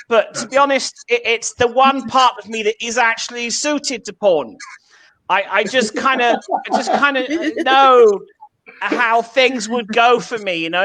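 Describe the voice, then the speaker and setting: Male stand-up comic, bright voice, self-mocking storytelling. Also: very high-pitched. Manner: self-deprecating anecdotes with acted quotes. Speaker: stand-up comedian. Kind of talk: stand-up comedy.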